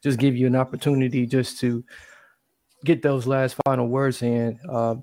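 A man hosting an interview, asking a question in a halting way with repeated words. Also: mid-range voice, flat delivery, mellow. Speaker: interview host. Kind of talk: casual interview.

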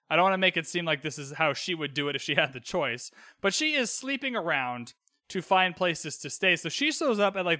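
High bright-voiced man recapping candidly. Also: no room sound, clean studio sound. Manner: candid, animated, swears freely. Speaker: podcast host. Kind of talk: casual episode recap.

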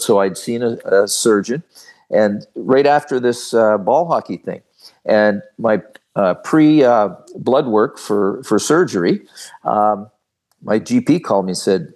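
Older male interview guest, somewhat low voice, animated folksy storyteller. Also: normal speed. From Canada. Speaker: guest, former hockey referee.

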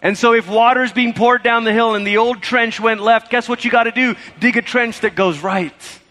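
A man preaching a sermon as pastor, animated and conversational, acting out quoted voices. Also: very high voice, moderate pace, in a large hall.

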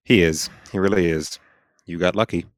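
A young actor playing a teasing family friend in a radio drama. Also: male voice, deep voice, fairly even intonation, normal speed, lightly acted. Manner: teasing, laughing.

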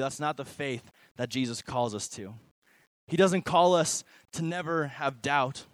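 A young man preaching to middle schoolers as a junior high pastor, conversational and animated, swinging between loud emphasis and quiet asides. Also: no room sound.

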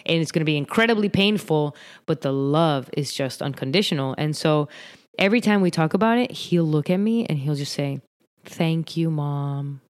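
A woman hosting a podcast who speaks in a reflective, earnest, measured way. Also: deep voice, expressive. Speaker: podcast host and mother. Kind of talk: casual podcast conversation.

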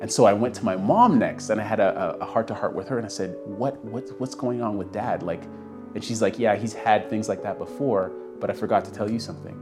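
A man's voice: lowish voice, brisk, over music. A young man casually telling a personal story, acting out the voices of the people he quotes. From Canada. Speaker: guest telling his story.

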